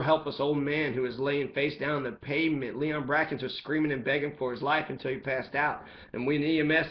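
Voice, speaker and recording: A man's voice: fairly high pitch, dull audio, slight background noise. A man giving an angry, profane monologue as a commentator, heated and ranting throughout.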